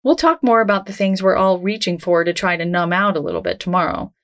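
A woman hosting a self-help podcast, talking in a gentle, reassuring, conversational way. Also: fairly low pitch, big pitch swings, fast. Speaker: podcast host.

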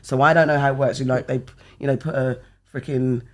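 A man co-hosting a casual podcast chat, talking in an animated, rambling way and swearing casually. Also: mid-range voice, a little fast.

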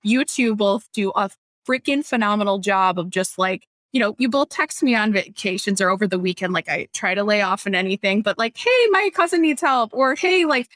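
A woman's voice: mid-range voice, brisk, few pauses, no room sound, studio quality. A woman who owns a small business, hosting a casual podcast chat and acting out the people she quotes. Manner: chatty, animated, acts out quotes. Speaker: business owner and podcast host.

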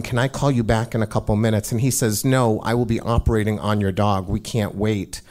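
Conversational male storyteller, middle pitch. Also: a little mellow. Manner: conversational, informal, frequent "like" fillers; acts out quoted dialogue in his retelling. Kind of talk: first-person personal storytelling.

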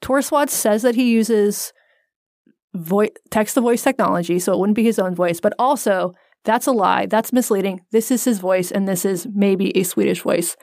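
A woman's voice: mid-range voice, normal speed, a little mellow, no echo. A woman co-hosting a podcast, explaining a story in a wry, casual way on a close mic. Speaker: podcast co-host. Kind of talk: casual chat.

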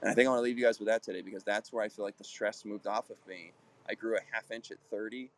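A man's voice: on the low side, steady tone, racing. A man in his thirties, a basketball player and coach, giving a casual motivational talk in an earnest, rambling way full of restarts and acted-out quotes. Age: 30s.

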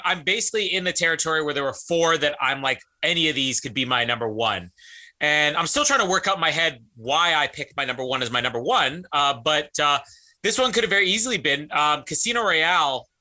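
An Australian man co-hosting a podcast, talking with eager, rambling enthusiasm. His voice is very bright and a little high, and the recording is close and clean. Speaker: podcast co-host. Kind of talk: casual chat.

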